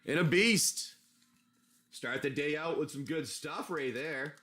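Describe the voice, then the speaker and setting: A man's voice: fairly high pitch, slow pace, sharp tone. A man hosting a casual livestream, chatting as he opens card packs and rambling through an improvised adventure story. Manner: rambling, chatty, talks while handling cards.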